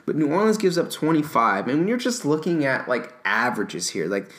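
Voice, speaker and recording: Animated man making his betting picks. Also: a little high, a little fast. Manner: animated, swearing, gets loud when making his case. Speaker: sports betting podcast co-host. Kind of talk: casual sports chat.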